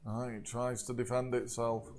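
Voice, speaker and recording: A man's voice: medium pitch, normal speed. A man running a tabletop game as game master, narrating rolls and laughing often as he goes. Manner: laughs often while narrating, relaxed and jokey.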